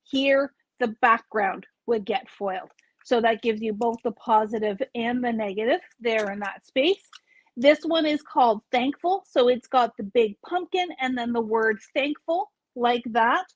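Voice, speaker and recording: A woman hosts a live craft store video, walking through products in a chatty, explanatory way and pausing to correct herself. Her voice sits a little high, and the sound is dry and close. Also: no echo, lo-fi sound. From Canada.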